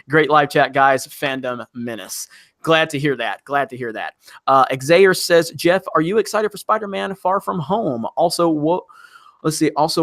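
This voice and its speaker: A man's voice: medium pitch, fairly bright tone, no echo, clean studio sound. A man hosting a casual livestream chat, reading viewer comments in a rambling way with frequent restarts. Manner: rambling, restarts often, laughs now and then. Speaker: livestream host.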